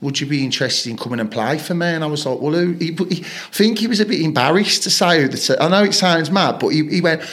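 A man's voice: on the high side, quick pace, hardly any pauses, fairly bright tone. A man, a football player telling rambling stories in a casual interview, swearing freely and acting out what people said. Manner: rambling anecdotes, frequent swearing, acts out quoted lines. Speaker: podcast guest, footballer.

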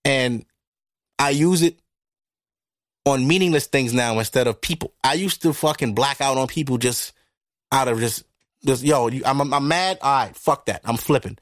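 A man hosting a podcast, talking through a casual monologue into a microphone in a blunt, profane, animated way. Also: medium pitch, normal speed, no room sound, clean studio sound. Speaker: podcast host. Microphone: studio microphone.

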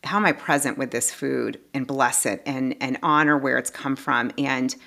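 A woman's voice: very deep voice, normal speed, vocal fry. A woman life coach talking casually as a podcast guest, earnest and heartfelt, with lots of restarts and asides. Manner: animated, with many restarts and asides.

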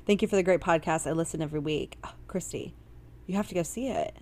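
Woman podcast cohost, kinda low voice, giggly and chatty, reads out listener messages. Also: fast talker, darkish tone. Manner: giggly, chatty, laughs often. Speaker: podcast co-host. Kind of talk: casual podcast chat.

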